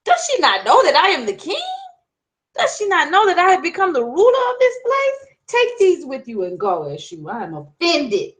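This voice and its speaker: A woman's voice: medium pitch, big pitch swings, normal speed, hardly any pauses, natural voice, poor audio. A woman voicing a proud young male king who is haughty and outraged, in a told folktale. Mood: indignant.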